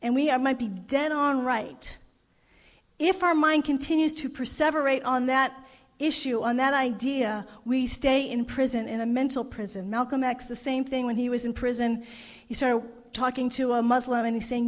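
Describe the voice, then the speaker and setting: Woman minister, middle-aged, higher voice, emotive sermon, echoing hall. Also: steady tone, normal speed. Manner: emotive, retelling a story with quoted voices. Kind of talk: sermon with storytelling. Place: parish hall. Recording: long hall reverb.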